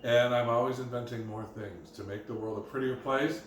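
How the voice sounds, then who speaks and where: A middle-aged florist who also teaches design chats from his apartment kitchen in a casual vlog promoting himself, chuckling as he tells anecdotes. His voice is medium-pitched and steady, at a moderate pace. The recording sounds roomy and distant, with a faint hum underneath.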